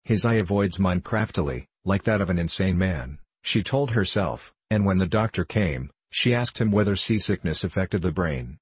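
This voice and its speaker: A man reading a novel aloud as audiobook narration, in an even, unhurried storytelling manner. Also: sits low, breathy edge, dry recording. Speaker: audiobook reader. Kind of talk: scripted narration.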